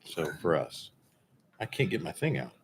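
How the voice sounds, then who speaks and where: Man, co-host, deep voice, wildly swinging pitch, faint noise behind, soft-spoken. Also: big pitch swings, normal speed, husky. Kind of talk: casual chat.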